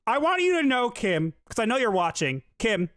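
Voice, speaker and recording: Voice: medium pitch, big pitch swings, normal speed, a bit bright, no room sound. A host of a commentary show, talking sarcastically and mockingly to the audience. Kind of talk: comedic commentary.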